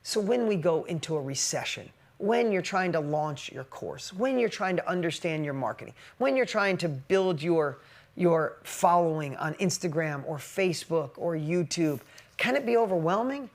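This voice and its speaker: A man in his forties giving a motivational business talk, emotional and shifting from loud emphatic bursts to quiet reflection. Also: a little high, lively intonation, moderate pace. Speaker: business speaker.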